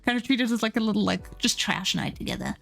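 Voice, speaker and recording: A woman's voice: on the high side, very animated, quick pace, vocal fry, faint music behind. A woman streamer chatting casually and rambling with plenty of fillers while she draws on a live art stream. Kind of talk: casual chat while drawing.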